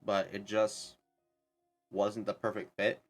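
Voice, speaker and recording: A man's voice: lowish voice, monotone, slow, soft background music. A young man streaming a game, chatting casually in a rambling, self-correcting way. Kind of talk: casual chat while gaming.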